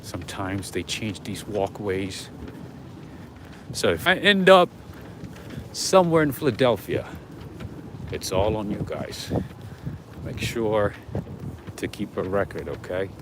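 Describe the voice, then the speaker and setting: A man's voice: lowish voice, animated, measured pace, long pauses. Chatty man streaming a city walk. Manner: chatty, talks to viewers, often whispers. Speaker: livestream walking-tour host. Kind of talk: unscripted livestream commentary. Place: outdoors on city streets near a waterfront. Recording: mobile livestream with clear street noise. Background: street noise and traffic.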